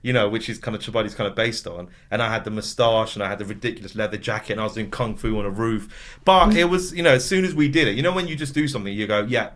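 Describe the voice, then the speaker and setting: A man, chatting casually as an interview guest and telling lively stories. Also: lowish voice, quick pace. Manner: animated storytelling with voiced impressions. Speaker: comedy actor and writer, guest.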